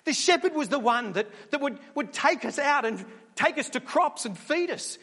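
A terrified sheep blurts out his fear in a raised, high voice, put on by a man. He bristles with panic and indignation at being asked to feel free. A long hall reverb trails each line. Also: lively intonation, a bit bright, full character voice. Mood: panicked. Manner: panicked, rapid, indignant outbursts. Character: frightened male sheep fleeing his slain shepherd.

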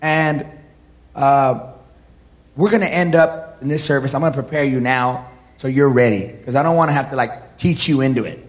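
A man preaching a sermon to his congregation, building up to shouted declarations. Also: medium pitch, normal speed. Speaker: pastor.

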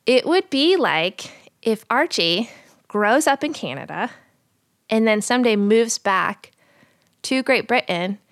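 Woman, young adult, podcast co-host, animated storyteller, dry close sound. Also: fairly high pitch, slow pace, dry recording. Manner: animated storyteller, acts out voices in quotes. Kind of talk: casual Bible discussion.

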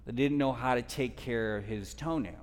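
A man of middle pitch preaches a sermon in a church hall, with a long reverb trailing his words. He tells his story dynamically, sinking to near-hushed tones and then lifting his voice for emphasis. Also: normal speed. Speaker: guest preacher.

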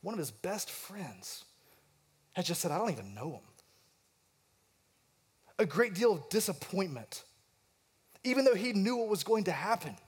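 High-voiced man preaching a sermon. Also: expressive, normal speed, pauses often, husky. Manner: expository preaching, acting out quoted lines with rising intensity; asks the congregation questions. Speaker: pastor.

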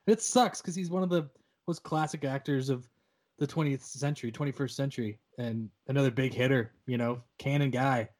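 A man's voice: mid-range voice, a little fast, a little mellow. A man co-hosting a podcast about a film, talking casually with a wry, profane tone and mock-formal announcements. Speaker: podcast co-host.

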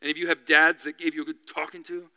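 Guy preaching a sermon, high bright piercing voice, earnest and fired up, lots of hall reverb. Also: flat delivery, quick pace, clean tone. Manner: earnest, building to impassioned appeals. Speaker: pastor.

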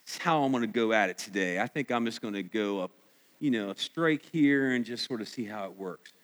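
A man's voice: lowish voice, brisk, voice pushed down, lightly acted. A man voicing a careless general who shrugs off planning, in an offhand, mocking way. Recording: echoey hall.

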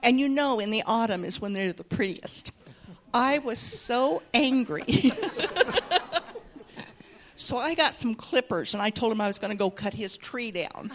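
A woman's voice: mid-range voice, normal speed, a little hiss or hum. An older woman, a panel guest in a church, telling a story about her marriage with frequent laughter. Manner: warm-humored, laughing often. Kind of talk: personal storytelling.

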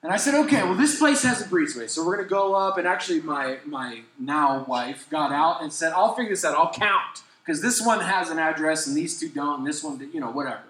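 A man's voice: fairly high pitch, lively intonation, brisk, hardly any pauses, fairly bright tone, echoey room, rough recording. A young adult man, a pastor, telling a funny story in a sermon, acting out quotes and laughing as he goes.

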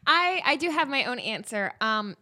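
A woman in a casual group chat, animated and insistent as she argues her point. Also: fairly high pitch, moderate pace. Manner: animated, insistent, bursts into shouted asides.

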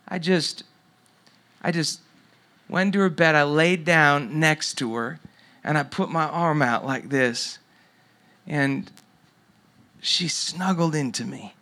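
A middle-aged pastor with a slightly high, sharp-toned voice preaches slowly, leaving long pauses. He tells a story during the sermon and sinks to a near whisper at its tender moments.

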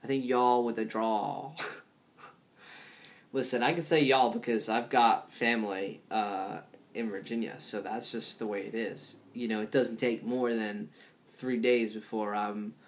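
A man's voice: fairly low pitch, steady tone, slow. A man hosting a podcast solo, chatting in a rambling, loose way full of fillers and restarts, laughing at his own remarks. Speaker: podcast host. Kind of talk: casual solo podcast talk.

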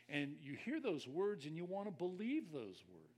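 A man's voice: on the high side, very animated, measured pace. An older man preaching a conversational sermon as a pastor, reflective and personal, speaking straight to his listeners.

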